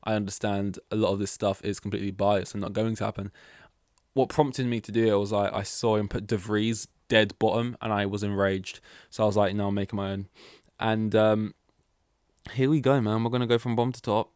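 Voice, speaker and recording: A young man talks on his own podcast in a loose, rambling way, circling back and restarting his sentences. His voice sits a little low. The sound is dry and close, with no room around it. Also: steady tone, brisk, darkish tone, dry recording. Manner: rambling, chatty, many fillers and restarts. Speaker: podcast host. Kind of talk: casual solo podcast chat.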